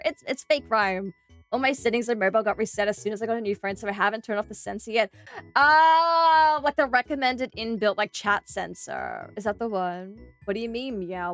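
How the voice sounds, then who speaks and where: A young Australian woman streaming live, chatting with her viewers in an animated, giggly, exclamatory way. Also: mid-range voice, normal speed, soft background music.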